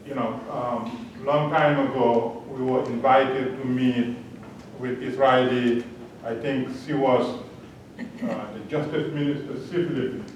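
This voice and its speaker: Slow-speaking man in an echoey hall. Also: steady tone. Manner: earnest, storytelling, chuckles at own jokes. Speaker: panel respondent. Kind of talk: public talk with personal anecdote. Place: large lecture hall. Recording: echoey hall from a distance, faint rumble.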